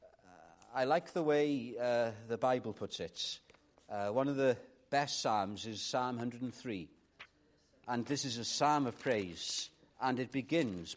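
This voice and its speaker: A man preaching a sermon in an earnest manner, rising to emphatic calls and dropping to quiet reflection. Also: medium pitch, expressive, a little slow.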